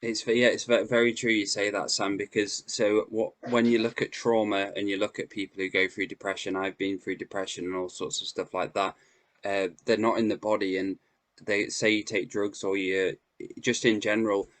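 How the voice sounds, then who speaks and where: Guy hosting a chill podcast, lowish voice, dry close sound, agreeable and chatty. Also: little pitch movement, moderate pace, fairly bright tone, dry recording. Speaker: podcast host. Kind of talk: casual interview chat.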